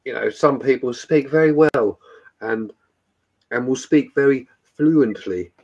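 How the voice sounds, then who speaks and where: A man's voice: mid-range voice, a little slow, darkish tone, breathy edge, dull audio. A man in a casual chat, jokey and swearing, laughing often. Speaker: chat participant.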